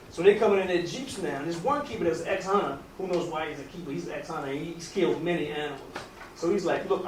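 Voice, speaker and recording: A man casually telling a long story aloud, rambling with many restarts and loose grammar. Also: sits high. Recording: roomy, distant, faint background noise.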